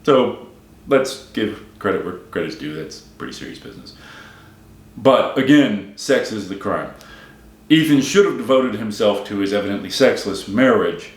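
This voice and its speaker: A man's voice: fairly low pitch, animated, normal speed, reverberant. A man giving a wry, emphatic solo critique of a film, repeating his points for effect. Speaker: film commentator.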